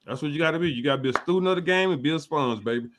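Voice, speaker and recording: Man, host, casual interview, easygoing slang, slightly high voice. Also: very fast, a bit bright, slight background noise. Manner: laid-back, giving advice in slang.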